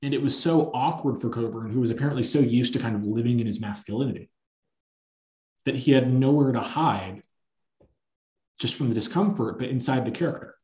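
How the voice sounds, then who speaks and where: Male podcast host, mid-range voice, animated storyteller, roomy echoey sound. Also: medium pitch. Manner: animated, long-winded anecdote telling. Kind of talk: casual film-discussion chat. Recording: echoey room.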